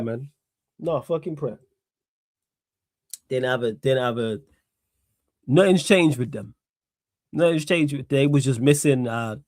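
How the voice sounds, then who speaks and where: A man's voice: medium pitch, no echo, clean studio sound. A young man hosting a solo sports live stream, blunt and sarcastic, hammering his points with repetition and swearing. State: tired. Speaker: streamer host.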